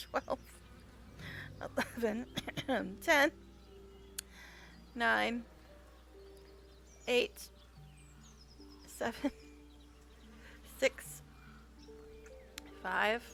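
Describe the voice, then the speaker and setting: Woman streamer, bright, gravelly voice, chatty and laughing, talks to chat. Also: a little high. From United States. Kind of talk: casual chat while live-streaming a game.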